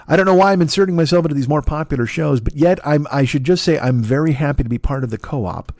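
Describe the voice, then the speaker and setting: A man's voice: fairly high pitch, fast, a little mellow, dry recording. Profane, rambling male comedy podcaster. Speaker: podcast host. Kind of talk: solo comedy podcast monologue.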